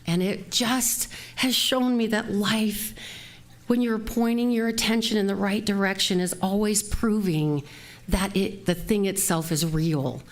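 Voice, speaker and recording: A woman's voice: medium pitch, steady tone, measured pace. A woman minister giving a conversational sermon that mixes a personal story with a closing prayer, laughing now and then. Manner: warm, conversational, laughs often. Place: church sanctuary.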